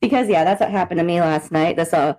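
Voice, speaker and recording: A woman's voice: on the low side, fast, a little mellow, rough recording. A young adult woman co-hosting a podcast, chatting casually and laughing often, with lots of swearing. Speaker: podcast co-host. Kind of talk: casual chat.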